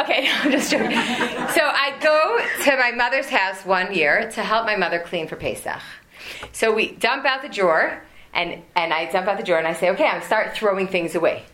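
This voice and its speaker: A woman's voice: mid-range voice, bright, forceful tone, slight background noise. A woman in her forties giving a religious lesson to an audience, telling humorous family stories with many asides. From United States. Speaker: women's class teacher.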